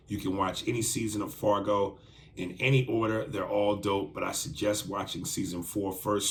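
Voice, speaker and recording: A man co-hosting a podcast, reading a listener email aloud in a blunt, profane, animated way. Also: low-pitched. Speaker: podcast co-host.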